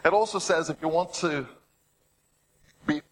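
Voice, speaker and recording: A man's voice: fairly high pitch, measured pace, slight background noise, poor audio. Man preaching with rhetorical questions. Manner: dramatic storytelling, rhetorical questions, drops to a hush. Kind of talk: sermon.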